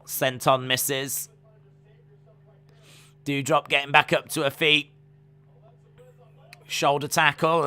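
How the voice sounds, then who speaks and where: A man's voice: medium pitch, sharp tone, smooth. A man hosting a live stream, chatting casually and calling the action play by play with plenty of fillers. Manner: chatty, rambling, trails off with fillers.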